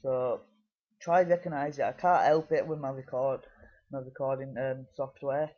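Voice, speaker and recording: This British gaming video creator rambles through casual commentary at a moderate pace, stumbling over fillers and restarting often. He keeps a steady, medium-pitched tone on a lo-fi recording.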